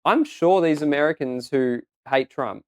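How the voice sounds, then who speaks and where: A man's voice: on the high side, lively intonation, measured pace, clear, resonant tone, no echo, studio quality. A man co-hosting a casual livestream show, rambling through his points with many fillers and restarts. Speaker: co-host. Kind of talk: casual podcast chat.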